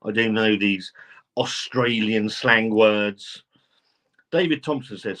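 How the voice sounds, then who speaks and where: Male livestream host, lowish voice, casual chatter, reads the comments aloud, swears freely. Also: slow, fairly bright tone. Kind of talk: casual live chat reading comments.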